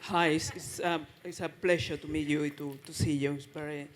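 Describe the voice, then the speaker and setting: Spanish woman in the audience, nervous, halting, slightly off-mic. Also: sits low, fairly even intonation. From Spain. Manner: nervous, halting, repeats words. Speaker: audience member. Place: live event, in the audience.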